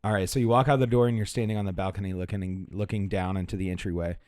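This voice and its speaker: Male game master, hesitant narrator, low, dry. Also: fairly even intonation, fast, darkish tone, no room sound. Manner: hesitant, many fillers and restarts.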